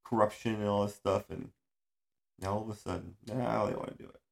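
A man's voice: on the low side, fairly even intonation, brisk, gravelly. A man hosting a casual podcast chat, rambling and swearing freely, with frequent laughs. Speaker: podcast host. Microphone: audio-only podcast recording.

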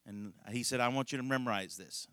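A man's voice: mid-range voice, brisk, a bit bright, clean tone, no echo. A middle-aged male pastor telling a rambling, folksy story in a conversational sermon, laughing often.

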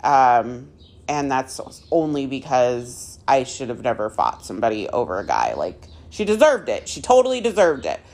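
A woman in her thirties hosts a personal podcast, recounting her own story with open candor. Her voice sits low and her delivery is slow and unhurried, broken by frequent ums and restarts. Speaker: podcast host.

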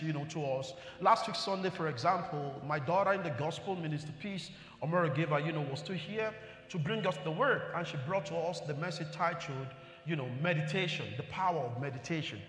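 A man's voice: on the high side, a bit bright, a little hiss or hum. A male pastor preaching a sermon with emphatic call-and-response and many "you know"s. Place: church hall. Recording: echoey church hall.

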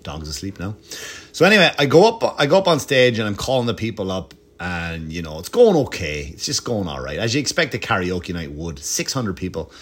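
A middle-aged Irish man, a comedian, telling profane, animated anecdotes at home with lots of asides. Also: sits low, a little fast, breathy edge. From Ireland. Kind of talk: casual storytelling. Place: home, dog nearby.

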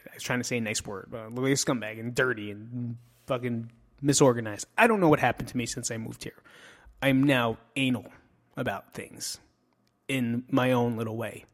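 A man's voice: mid-range voice, normal speed. 30s guy doing a podcast, swears a lot, rambles, makes fun of himself, regular mid voice. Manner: blunt, profane and self-mocking; loose and rambling with restarts. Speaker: podcast host. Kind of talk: casual podcast monologue.

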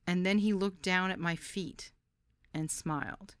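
A woman hosting a podcast reads her own memoir in a candid, lively storytelling manner. Her voice sits low, and the recording is dry and close with no room sound. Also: unhurried, no echo. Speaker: podcast host. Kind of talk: first-person memoir narration.

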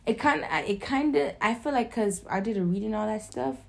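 A woman's voice: fairly high pitch, a little fast, gravelly. A young woman in casual chat, talking with strong feeling, swearing and filling her speech with "like". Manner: emotional, animated, swearing, lots of "like" fillers.

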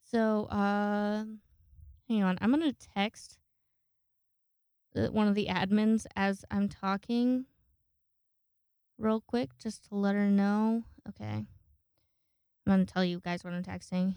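A woman's voice: mid-range voice, fairly even intonation, slow, long pauses, mellow, clean tone, no echo. A woman hosting a podcast in casual solo chat. She rambles, swears freely and acts out the people she quotes. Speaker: podcast host.

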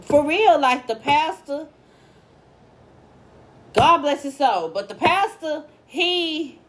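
A woman's voice: high-pitched, slow. A young woman co-hosting a podcast, talking casually and animatedly, laughing and cussing often. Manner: animated, laughing, swearing, restarts sentences. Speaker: podcast co-host. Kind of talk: casual chat.

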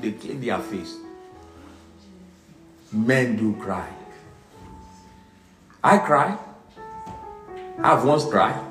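A middle-aged man, preaching an emotional sermon with dramatic swings from loud emphasis to hushed, quiet lines. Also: medium pitch, distant mic. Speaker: pastor. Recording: echoey room with music behind.

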